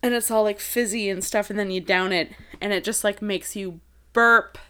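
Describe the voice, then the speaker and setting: A woman's voice: mid-range voice, fairly even intonation, normal speed, bright, forceful tone, clean tone. A woman with a Wisconsin accent co-hosting a podcast, chatting casually and rambling with lots of fillers and giggles. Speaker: podcast co-host. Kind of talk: casual chat. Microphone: headphones and studio mic.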